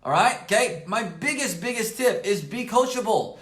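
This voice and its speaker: There's a roomy echo around this high-pitched, slightly hoarse man as he coaches on camera from his office desk. A network marketing coach, he gives an emphatic, energetic motivational talk, repeating his main points and plugging gaps with "right?" and "okay?".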